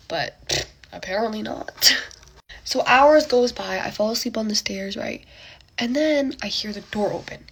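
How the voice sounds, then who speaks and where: In a get-ready-with-me storytime, a young woman of medium pitch and a fairly bright tone chats with many fillers, slipping into breathy half-whispers to act out what each person said. A little hiss or hum can be heard.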